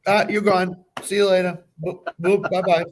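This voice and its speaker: A man's voice: high voice, little pitch movement, moderate pace, a little hiss or hum. A man guesting on a football podcast, talking emphatically and repeating short phrases for punch. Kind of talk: casual sports talk.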